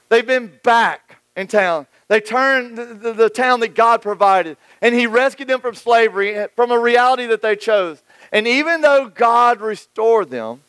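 Man, pastor, sermon, high smooth voice, dry close sound, hushed then rising delivery. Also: no echo, poor audio. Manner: dynamic preaching with wide swings between hushed and raised delivery; acts out quoted voices of church folk and critics.

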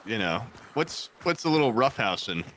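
Teasing gamer buddy, very lively pitch, bright edge. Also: male voice, moderate pace, a little hiss or hum. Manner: teasing, joking, excitable. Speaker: gaming friend. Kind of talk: casual gaming chat.

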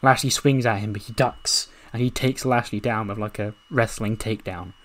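A man narrating a wrestling management game in a casual, excited way, swearing and laughing as he goes. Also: fairly low pitch, normal speed. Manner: excited, swearing, laughing at his own story. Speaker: video game commentator.

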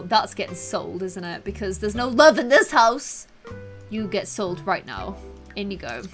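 A woman giving playful, dramatic commentary over a video game and often breaking into laughter. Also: on the high side. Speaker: gaming video host.

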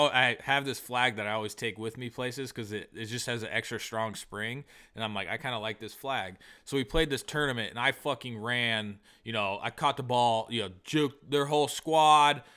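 Man, podcast co-host, bright forceful voice, swears a lot, animated storytelling. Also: medium pitch, moderate pace, clean tone. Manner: profane storyteller, animated retellings. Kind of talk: casual comedy podcast chat.

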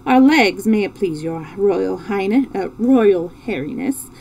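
Kind wry shaggy tramp guy, as a lady reads him, gravelly, mic kinda distant. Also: medium pitch, lively intonation, unhurried, a little mellow, heavily acted. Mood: reassuring. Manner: reassuring and wry. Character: kindly, good-humored shaggy vagabond man, reassuring.

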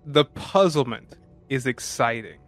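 A man's voice: medium pitch, expressive, measured pace, faint music behind. A man co-hosting a casual movie-review podcast, playful and fond of silly voices. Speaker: podcast co-host.

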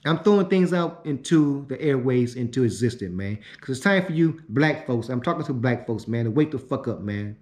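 A man delivering a profane, repetitive ranting monologue, swinging from shouting to muttering. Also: mid-range voice, lively intonation, moderate pace, few pauses. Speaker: online commentator. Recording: roomy echo.

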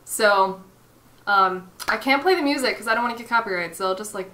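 A woman's voice: mid-range voice, brisk, bright, forceful tone. A young woman streaming from home, chatting casually and playfully as she answers her chat. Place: home room.

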